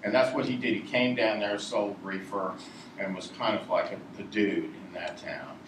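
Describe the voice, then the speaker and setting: A man from Virginia, USA, with a lowish, fairly even voice at a moderate pace tells a meandering, digressive story to a live audience, chuckling at his own tale. The recording is noisy, with an echoey room and a distant mic.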